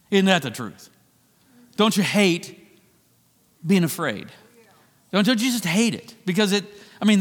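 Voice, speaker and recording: High-voiced preacher in a reverberant hall. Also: male voice, a bit bright. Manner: conversational, with many restarts and repeated phrases. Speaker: pastor. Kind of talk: sermon.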